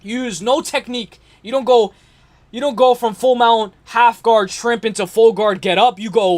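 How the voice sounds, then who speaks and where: High-voiced man rambling about fights. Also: fairly even intonation, normal speed. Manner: rambling, slangy, repeats himself, addresses chat directly. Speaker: MMA livestream host. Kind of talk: casual fight-talk livestream.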